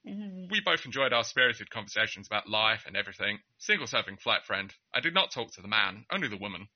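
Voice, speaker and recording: A man's voice: lowish voice, big pitch swings, fairly quick. A young man with a Southeast Essex accent telling a personal story in a casual, wry, mocking way, stammering over restarts and chuckling. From England. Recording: slightly muffled recording.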